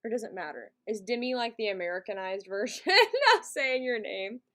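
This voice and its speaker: Speaking briskly in a mid-range voice with a fairly bright tone, a woman hosts a live stream from home. She's chatty and giggly, talking casually with her viewers.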